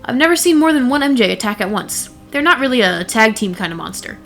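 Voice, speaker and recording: A woman's voice: fairly high pitch, big pitch swings, quick pace, creaky, fairly bright tone, soft background music. Wry young woman narrating horror. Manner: wry, blunt, casually profane. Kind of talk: first-person horror story narration.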